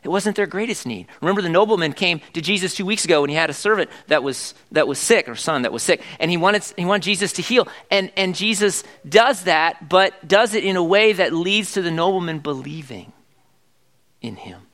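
Middle-aged pastor guy, pretty high voice, chatty sermon, keeps asking the crowd questions. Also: lively intonation, fairly quick, fairly bright tone. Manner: conversational preaching with rhetorical questions to the congregation.

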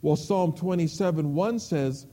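Preacher guy, high voice, tells stories then goes quiet for the big points. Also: a little slow. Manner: storytelling, emphatic, drops to a hush on key words. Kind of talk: sermon.

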